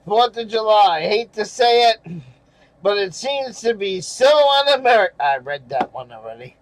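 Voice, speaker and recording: A man's voice: high voice, lively intonation, unhurried, no echo, rough recording. An older man reading viewer comments aloud and ranting angrily, sarcastic and swearing, with bitter chuckles. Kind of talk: casual rant over screenshots.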